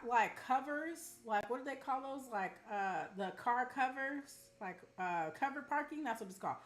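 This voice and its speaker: A young woman from Arizona chatting casually with her live-stream audience, telling animated stories and calling them y'all. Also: medium pitch. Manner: chatty, animated storytelling, addresses chat as y'all. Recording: roomy room with faint music.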